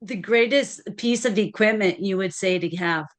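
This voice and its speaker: Woman, podcast host, casual interview, hesitant questions, average pitch. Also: normal speed.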